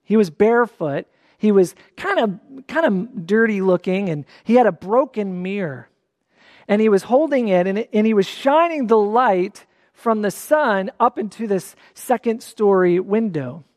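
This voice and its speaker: A preacher delivering a sermon in a relaxed, talky manner, stressing key words by repeating them. The voice sits at a middle pitch, and a long hall reverb trails behind each phrase. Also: a little slow, studio quality. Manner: conversational, with restarts and emphatic repeats. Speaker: pastor.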